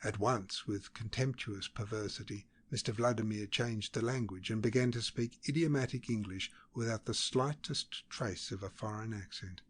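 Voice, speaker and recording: A man narrating a classic novel as an audiobook, in a steady, measured reading. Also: on the low side, breathy edge.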